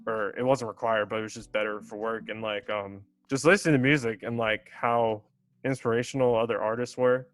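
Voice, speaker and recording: A man's voice: fairly low pitch, steady tone, fairly quick, no room sound, soft background music. A young man as a podcast guest, chatting casually, hesitant and laughing often. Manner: hesitant, many fillers and restarts, laughs often. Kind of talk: casual chat.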